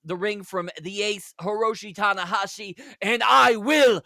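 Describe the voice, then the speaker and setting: A man's voice: high-pitched, unhurried, gravelly, bright, forceful tone, no echo, studio quality, pitched above the performer's own voice, full character voice. A man voicing a cocky British male wrestler, with a put-on British accent and a pompous, declaiming manner. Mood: defiant.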